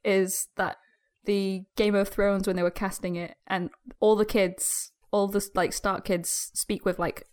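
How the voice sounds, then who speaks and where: A woman's voice: medium pitch, level tone, unhurried, darkish tone, clean tone. A woman co-hosting a casual podcast chat, chatty and often laughing as she talks. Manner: giggly, chatty, trails off into laughter. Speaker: podcast co-host.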